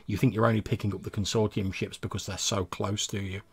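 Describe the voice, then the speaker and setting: A man's voice: on the low side, little pitch movement, fast, vocal fry. A man narrating as game master of a tabletop game, describing scenes with loose fillers.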